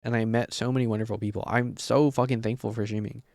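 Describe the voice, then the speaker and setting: A man chatting live on stream at a desk mic, excitable and rambling, swearing often. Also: medium pitch, quick pace, vocal fry, no echo, clean studio sound. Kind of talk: casual live-stream chat. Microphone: desk mic on a mic arm.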